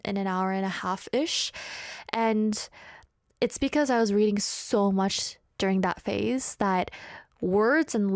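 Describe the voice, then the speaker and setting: A woman's voice: a little high, no room sound. A woman radio host chatting casually and reading out listener messages, playful and self-mocking. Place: radio studio.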